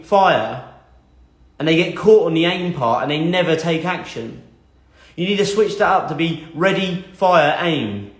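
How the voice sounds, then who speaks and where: A young man telling a personal story as a motivational talk, earnest and blunt, swearing and repeating phrases for emphasis. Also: fairly high pitch. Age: young adult. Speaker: motivational speaker. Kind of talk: motivational monologue. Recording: echoey room.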